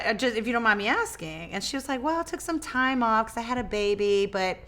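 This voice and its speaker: A woman guest in a casual interview, telling her story in a lively way, acting out quoted dialogue and often restarting her words. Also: fairly high pitch, fairly quick, few pauses. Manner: animated, acts out quoted dialogue. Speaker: interview guest, business owner.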